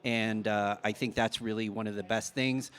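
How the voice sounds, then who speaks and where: A man on a conference panel with a fairly low voice. He talks casually, with plenty of pauses and fillers between ideas. The delivery is relaxed and conversational. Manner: casual, lots of uh and you know. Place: conference hall.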